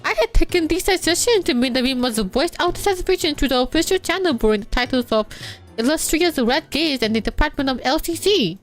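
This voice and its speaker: A woman putting on a high, grandiose old-fashioned knight lady. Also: lively intonation, faint music behind. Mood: prim. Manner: archaic, grandiose, drawn-out speech. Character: stately old-fashioned female knight, theatrical.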